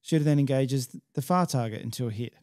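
Man, mellow voice, casual explanatory podcast chat. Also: medium pitch, brisk, no echo, studio quality. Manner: explanatory, technical detail. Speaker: match director.

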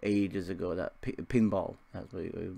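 Young guy with a low gravelly voice narrating his football manager save, chatty and self-mocking, rambles a lot. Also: steady tone, normal speed, dark tone. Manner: rambling, self-deprecating, chuckling asides. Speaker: gaming video host. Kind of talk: casual Football Manager let's play commentary.

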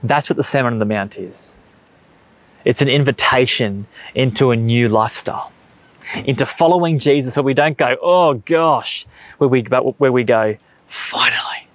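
A man's voice: medium pitch, normal speed, dry recording. Earnest Australian male pastor, dry sound. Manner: conversational, earnest preaching with storytelling. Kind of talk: sermon. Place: church stage.

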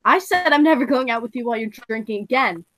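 A woman's voice: fairly high pitch, animated, fast, fairly bright tone, no echo, low-quality recording. A teenage student actress reading a poised, firm rich girl over a video call. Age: teens. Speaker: student actor. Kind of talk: school play read over a video call.

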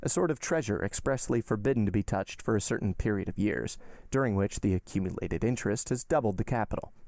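A man reading aloud, voicing a suave, wealthy count who speaks in a smooth, unhurried, gentlemanly way. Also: on the low side, no echo, studio quality. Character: suave wealthy male count, cool and commanding. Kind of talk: audiobook reading.

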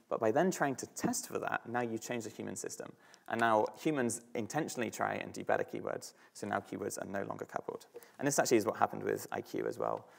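A man's voice: lowish voice, creaky. A man with a British accent giving an academic talk on slides, thinking aloud with frequent fillers and restarts. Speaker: student speaker.

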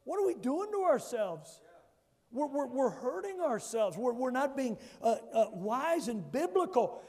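High-voiced man preaching in a reverberant church. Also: big pitch swings, a little slow, a little mellow. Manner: emphatic preaching with call-and-response to the congregation. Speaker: pastor. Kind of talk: sermon. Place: church sanctuary. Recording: long church hall reverb.

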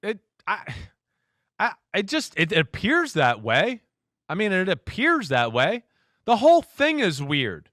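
A man who is a football analyst, a guest in a casual interview, telling stories in an animated way and acting out what others said. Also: high-pitched, unhurried, no room sound, studio quality. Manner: animated storyteller, acts out quotes.

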